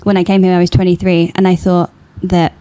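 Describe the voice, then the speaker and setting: A woman's voice: fairly low pitch, brisk. Chatty southern English woman in her thirties. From England. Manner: lively, chatty, laughs often. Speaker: English coach. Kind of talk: casual podcast chat.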